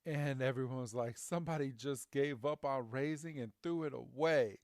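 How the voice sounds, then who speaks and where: A man's voice: medium pitch, moderate pace, no echo, clean studio sound. A man co-hosting a podcast, casually recapping a cartoon episode and animatedly acting out the characters' lines. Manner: animated retelling with silly quoted voices. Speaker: podcast co-host.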